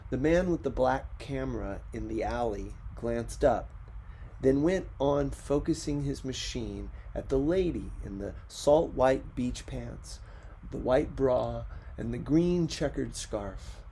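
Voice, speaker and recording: A man reading a short story aloud in slow, measured narration. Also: mid-range voice, warm tone, a little hiss or hum. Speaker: reader. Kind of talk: audiobook narration.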